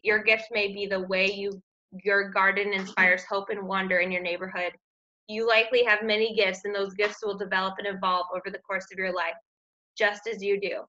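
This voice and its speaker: With a mid-range, sharp-toned voice, a woman coaches her team in an earnest, upbeat, faith-based motivational talk about gifts and purpose. The audio is dull and lo-fi.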